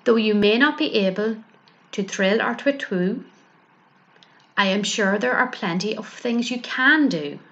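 Woman doing a gentle, wise female owl, slow and patient. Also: medium pitch, highs cut off. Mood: correcting. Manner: gentle and explaining.

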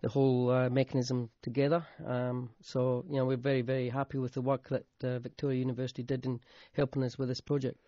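A middle-aged man with a Scottish accent answers questions in an easygoing, halting way and chuckles along. He sits at an average pitch. The sound is a dull, dry radio studio feed. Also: flat delivery, dark tone, dry recording. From Scotland, Highlands. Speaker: guest, accommodation ratings manager. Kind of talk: radio interview.

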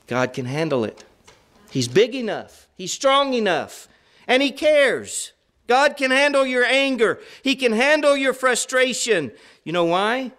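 A man's voice: sits high, fairly bright tone. A middle-aged man preaching a sermon in an earnest, conversational way, stressing points through repetition.

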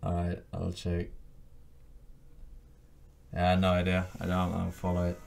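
Male streamer: deep, gravelly, slow, offhand commentary. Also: monotone, a little mellow, soft background music. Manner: drawling, offhand, profane.

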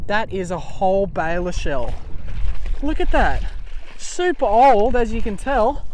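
A man's voice: high voice, unhurried, a little hiss or hum. A young Australian man vlogging on a beach while collecting shells, talking casually and marvelling at his finds. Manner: excitable, marvelling, exclamatory. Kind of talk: casual vlog narration. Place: outdoor beach shoreline.

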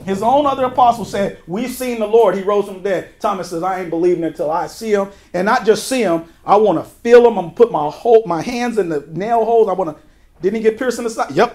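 A male pastor teaching verse by verse through a Bible book, talking conversationally with folksy asides and quick shifts between emphatic and quiet delivery. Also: high voice. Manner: emphatic, with sudden drops to a quiet voice.

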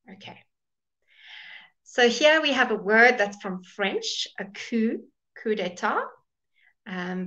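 A woman's voice: mid-range voice, a bit bright, rough recording. A woman teaching a live online English pronunciation lesson, patiently modelling words and greeting viewers by name.

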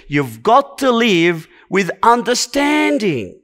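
Slow, high-voiced male preacher exhorting. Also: animated, fairly bright tone. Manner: earnest, exhorting with repeated short commands. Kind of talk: sermon.

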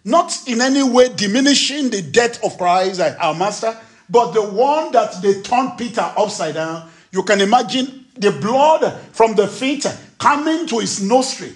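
High-voiced preacher. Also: male voice, animated, a little slow, breathy edge. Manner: emphatic, rhetorical questions, acts out quotes. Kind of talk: sermon.

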